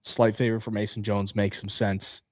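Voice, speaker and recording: A man's voice: fairly low pitch, level tone, normal speed, dry recording, studio quality. A man co-hosting a casual fight-picks show, laid-back and chatty, reading sponsor plugs too. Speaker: podcast co-host.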